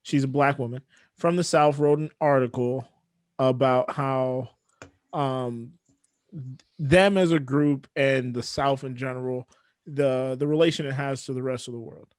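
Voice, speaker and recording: A man co-hosting a casual podcast, telling a story in a rambling way with many pauses. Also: medium pitch, fairly even intonation, no echo, clean studio sound. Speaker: podcast co-host.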